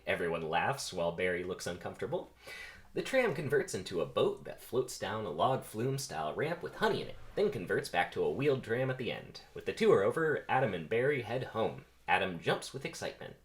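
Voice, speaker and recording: A man's voice: lowish voice, very animated, brisk. A man casually reading stage directions aloud on a first, unrehearsed read. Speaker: script reader.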